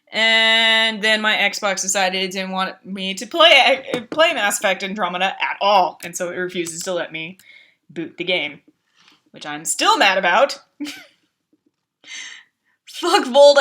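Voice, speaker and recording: A woman streamer in casual chat, telling game stories with frequent laughs and swearing, acting out her own outbursts. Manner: animated storytelling, laughs often, swears, acts out her own outbursts in a high voice.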